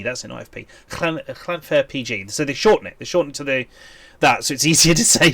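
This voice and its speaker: Streaming a game, this man with a Welsh accent talks loosely to his audience, wandering between thoughts as he plays. He has a mid-range voice, and the sound is free of echo.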